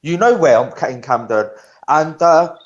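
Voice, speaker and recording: A man's voice: fairly high pitch, expressive, moderate pace, dull audio. A man from London with a London accent, defending himself in a heated argument on a live stream and asking incredulous questions. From London, England.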